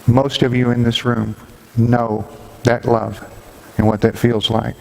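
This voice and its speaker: A middle-aged man, a pastor giving a Mother's Day sermon and telling a personal story with gentle humor. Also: mid-range voice, level tone, slow, vocal fry. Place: church sanctuary. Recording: long hall reverb, faint background noise.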